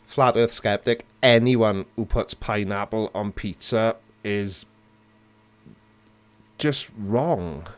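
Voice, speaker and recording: Male stream host, lowish voice, unhurried, teasing and chatty with viewers. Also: clean tone. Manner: playful, reads and answers chat comments, mock disgust. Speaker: livestream host. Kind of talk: casual live chat with viewers.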